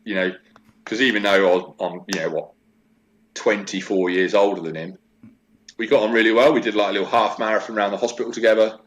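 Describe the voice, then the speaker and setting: A man's voice: lowish voice, a little fast. A man in his forties, a guest in a casual interview, chatting and telling stories with lots of fillers. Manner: chatty, animated storytelling with many fillers.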